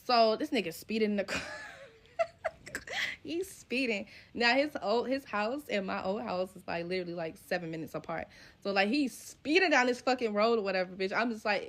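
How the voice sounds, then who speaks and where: A woman's voice: medium pitch, moderate pace, a bit bright. A young woman telling a story from her own life in casual, profane slang, acting out the dialogue as she goes. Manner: profane, slangy, retells scenes with quoted dialogue.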